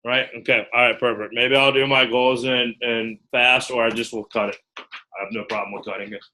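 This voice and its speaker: A man with a bright, forceful voice at an ordinary middle pitch. He coaches a small group of recruiters, acting out lines and checking in with them as he goes. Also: a little fast, rough recording. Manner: animated, acts out quotes, checks in with "okay?" often. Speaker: recruiter training a team. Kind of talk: group training talk.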